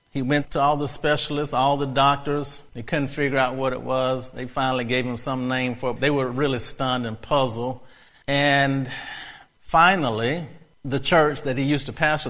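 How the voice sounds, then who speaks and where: Bright-voiced, fervent male preacher. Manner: builds to loud, high-pitched, excited preaching. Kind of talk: sermon.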